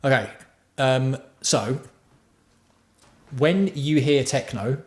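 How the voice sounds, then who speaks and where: Speaking at an extremely slow pace in a medium-pitched voice, a man hosts a casual livestream tutorial on music production. He's chatty, swears freely, and answers his viewers in the chat.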